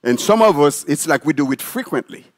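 Animated pastor preaching a sermon. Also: male voice, fairly high pitch, fairly quick. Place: church sanctuary.

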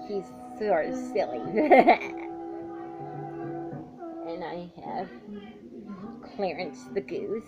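A woman's voice: fairly low pitch, expressive, slow, over loud music. A woman in a casual show-and-tell vlog, announcing her handmade puppets one by one and giving them animal noises.

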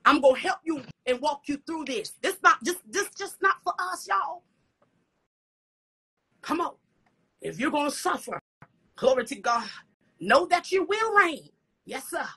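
A woman preaches a fervent sermon in a high, bright, ringing voice. She keeps calling out "come on" and "hallelujah" and slips into breathy whispers between her lines. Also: lively intonation, measured pace, pauses often.

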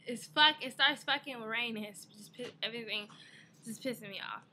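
A woman's voice: a little high, moderate pace, bright, forceful tone, a little hiss or hum. A young woman in a casual vlog, telling an exasperated story about her day with a lot of swearing. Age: young adult. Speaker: vlogger.

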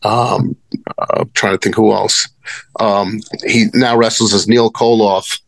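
A man's voice: fairly low pitch, level tone, a little slow, gravelly, a bit bright, no echo. A man telling rambling, profane stories as a wrestling guest in casual conversation. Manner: rambling, profane, many restarts. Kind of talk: casual storytelling.

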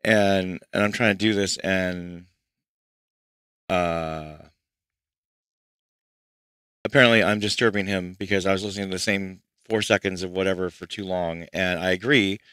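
His deep voice is smooth and fairly bright, with fairly even intonation, a measured pace and frequent pauses, recorded with no room sound. He's mixing music at home and chatting to livestream viewers, rambling in frustration as he tackles problems over faint music playback.

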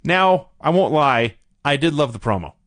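Wry, lively male podcast co-host. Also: fairly high pitch, normal speed, no room sound. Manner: wry, animated, laughing. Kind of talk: casual wrestling review chat.

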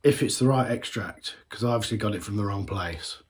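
A man's voice: lowish voice, brisk. A man in a casual beer-tasting vlog, chatty and rambling, often correcting himself mid-sentence. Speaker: homebrewer reviewing beers.

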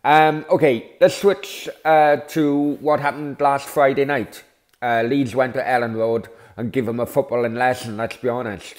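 Man, show host, casual, relaxed chatty links, mid-pitched voice. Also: normal speed. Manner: relaxed, chatty link-ins with fillers. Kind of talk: casual presenting of fan clips.

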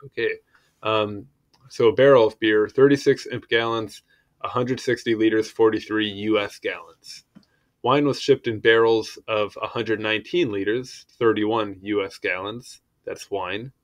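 A man reading an encyclopedia article aloud in a casual way, stumbling over words and adding offhand asides. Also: on the low side. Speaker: article reader.

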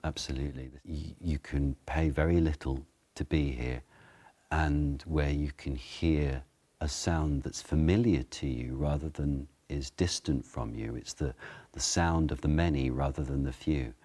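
A man's voice: very deep voice, fairly even intonation, unhurried, warm tone. A man being interviewed as a Shakespeare expert, agreeing emphatically and speaking with enthusiasm.

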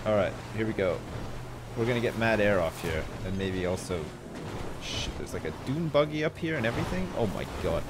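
A man streaming a video game, commenting live in an excitable, jokey way with plenty of swearing. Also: lowish voice, brisk, noisy background.

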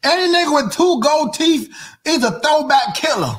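A man hosting a comedy podcast, delivering an animated, profane rant that keeps breaking into mock voices and sing-song chanting. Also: very high-pitched, normal speed. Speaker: podcast host.

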